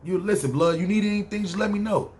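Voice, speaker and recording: A man's voice: high voice, quick pace, darkish tone, a little hiss or hum, pitched above the performer's own voice, lightly acted. A man doing a chummy Southern coworker. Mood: friendly. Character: friendly Southern man, a laid-back coworker.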